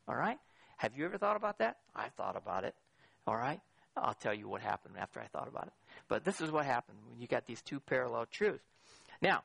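A man's voice: mid-range voice, a little fast, gravelly, slightly rough, no echo. A middle-aged man preaching a sermon as pastor, asking the audience questions and swinging his voice up for emphasis. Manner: lively, questioning the audience directly.

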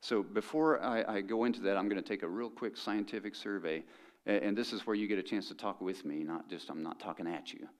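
A man's voice: fairly low pitch, steady tone, a little fast. A middle-aged man preaching a sermon as pastor, conversational and joking with the congregation.

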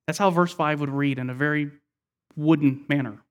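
High-voiced man preaching a sermon. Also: fairly even intonation, moderate pace, clear, resonant tone. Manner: expository, explains scripture verse by verse. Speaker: pastor.

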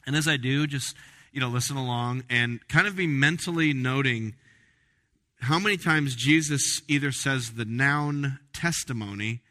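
Man, pastor, bright forceful voice, sermon, reverberant church hall. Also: medium pitch, unhurried. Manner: animated, emphatic preaching with restarts. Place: church sanctuary.

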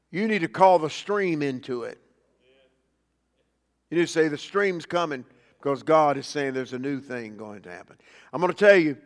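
High-voiced pastor preaching. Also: male voice, long reverb tail. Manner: folksy preaching, swells loud on scripture, drops low and soft for asides. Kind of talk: sermon.

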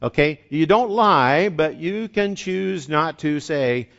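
A man's voice: fairly high pitch, lively intonation, takes it slowly, creaky, hardly any pauses, fairly bright tone. A man preaching a sermon as a pastor in an earnest, conversational way, often restarting and repeating words. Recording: dull lo-fi recording.

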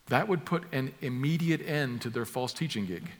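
A man delivers an expository sermon at a medium pitch, stressing his points and repeating words for emphasis. His voice carries a long reverb from a large hall. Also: expressive, normal speed. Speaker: preacher.

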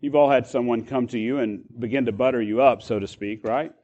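A man's voice: medium pitch, fairly quick, warm tone, muffled recording. A man preaching as a pastor, explaining a passage with frequent restarts and repeated words. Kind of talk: sermon.

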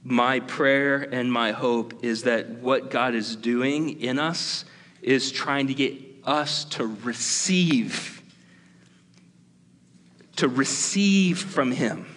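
A male pastor preaching a conversational, lively sermon, often breaking off mid-sentence. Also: medium pitch, extremely slow. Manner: conversational, self-interrupting, lively. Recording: long hall reverb.

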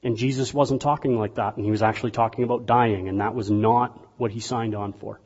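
A man preaching a sermon in a conversational, animated way that swings between quiet asides and loud bursts. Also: fairly low pitch, fairly quick, breathy edge. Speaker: pastor. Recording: dull lo-fi sound with long hall reverb.

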